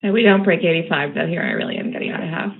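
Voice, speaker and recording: A woman hosting a live day trading stream, talking excitedly to herself and her viewers with frequent laughter. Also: on the low side, very fast, creaky. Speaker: day trading show host. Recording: tinny phone-like audio with faint noise.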